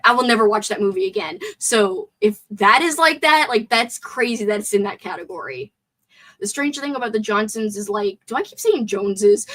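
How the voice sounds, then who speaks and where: A woman hosting a casual live stream movie chat with a sore throat. She is chatty and excitable, and reads viewer comments aloud. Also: medium pitch, rough recording.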